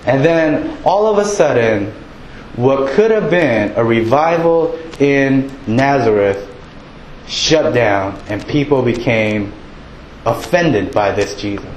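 A man preaching a sermon in a relaxed, conversational way, acting out townsfolk with a raised voice. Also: medium pitch, slow, reverberant, a little hiss or hum, low-quality recording. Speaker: pastor.

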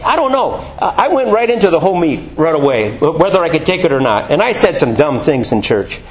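A man's voice: fairly high pitch, a little fast, echoey room, poor audio. A man preaching a sermon, telling jokey stories and acting out voices. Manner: animated, jokey storytelling with acted-out voices.

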